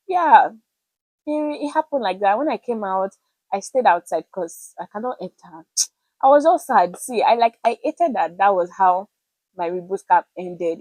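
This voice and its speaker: A young woman with a Nigerian accent, telling a personal story to camera in a chatty, animated way with pidgin words mixed in. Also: medium pitch, dry recording, rough recording. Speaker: vlogger.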